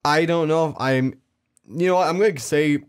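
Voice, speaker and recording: A man's voice: on the high side, normal speed, clean tone. A young man co-hosting a casual podcast, speaking hesitantly and often trailing off before finishing a thought. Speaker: podcast co-host. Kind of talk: casual movie chat.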